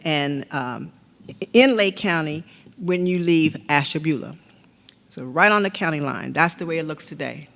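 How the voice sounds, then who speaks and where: A woman's voice: lowish voice, a bit bright. Older female lecturer, casual slide talk with fillers, long hall reverb. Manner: conversational, with frequent fillers and restarts, cueing slides with "next". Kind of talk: slide-show history lecture.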